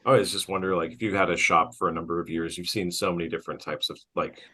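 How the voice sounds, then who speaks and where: Low-voiced swearing joking man. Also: steady tone, fast, pushed and bright, slightly rough. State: tired. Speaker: podcast host, tattooer. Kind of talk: casual podcast chat.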